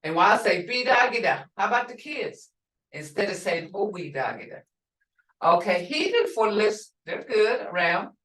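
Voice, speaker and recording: A middle-aged woman teaching a language class online, explaining slowly and repeating words for her learners. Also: mid-range voice, lively intonation, a bit bright. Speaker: language instructor. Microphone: video call. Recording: roomy and distant video call audio.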